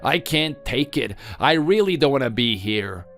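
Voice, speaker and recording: A man's voice: medium pitch, lively intonation, moderate pace, vocal fry, a bit bright. A man voicing a bitter, self-pitying grown son. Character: resentful grown son blaming his mother for his failures. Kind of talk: texting-story voice-over.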